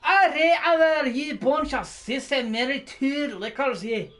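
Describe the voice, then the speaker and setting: A man doing a rowdy drunk brogue-shouting Celt. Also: very high-pitched, measured pace. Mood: taunting. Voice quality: exaggerated mock Scottish-Irish brogue. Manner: bellowing, profane, taunting. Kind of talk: comic impression on a live stream.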